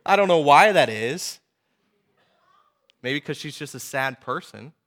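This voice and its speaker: A man in his thirties preaching a sermon, telling personal stories in a lively, conversational way with frequent asides to the audience. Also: a little high, unhurried. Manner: animated storytelling, conversational asides.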